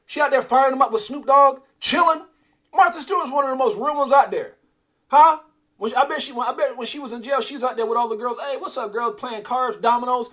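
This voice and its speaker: Man, high voice, animated livestream rant, digressive, chatty with viewers. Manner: animated, digressive, talks back to the chat. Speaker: crypto livestream host.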